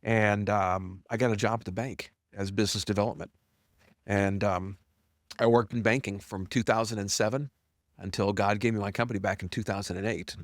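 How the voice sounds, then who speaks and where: A man's voice: moderate pace, no room sound, studio quality. A middle-aged man, a company founder, telling his story candidly as a podcast guest, bluntly and with self-deprecating humor, acting out quoted dialogue. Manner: animated, acts out quoted dialogue with big pitch jumps.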